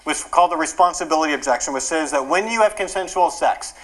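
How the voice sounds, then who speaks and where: A man giving a conference workshop talk, explaining arguments quickly and in an animated way. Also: on the high side, low-quality recording. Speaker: workshop speaker.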